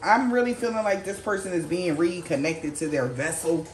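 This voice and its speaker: Recorded in a roomy space with slight background noise, a woman speaking at a moderate pace gives a casual tarot reading. She uses slang and swears freely, dropping into a lower voice to act out what others might say.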